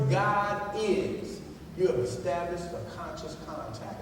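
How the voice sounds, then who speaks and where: A male minister preaching a sermon, telling stories and dropping low and soft for emphasis. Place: large church hall. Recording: distant echoey hall with noise.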